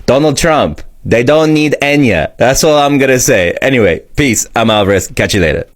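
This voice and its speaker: A man gives casual, wry commentary in a loose, conversational way. His pitch rises and falls a lot as he talks. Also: animated, moderate pace. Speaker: social media commentator.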